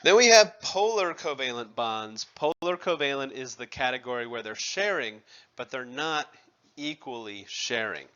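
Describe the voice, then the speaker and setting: Bright-voiced man teaching chemistry. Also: medium pitch, lively intonation, moderate pace, lo-fi sound. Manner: conversational, asks students questions, self-deprecating asides. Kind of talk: classroom lecture.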